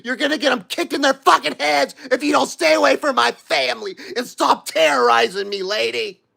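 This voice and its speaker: A man's voice: very high-pitched, brisk, gravelly, bright, forceful tone. A man vlogging, ranting in an agitated way and swearing as he addresses a critic directly. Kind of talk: angry livestream rant.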